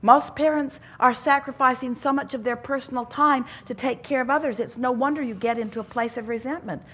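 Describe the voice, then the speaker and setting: A woman's voice: high voice, steady tone, brisk, a bit bright, slightly rough. A woman speaking to a live audience at a self-help seminar, teaching in an earnest tone with odd turns of phrase. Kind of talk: inspirational seminar talk.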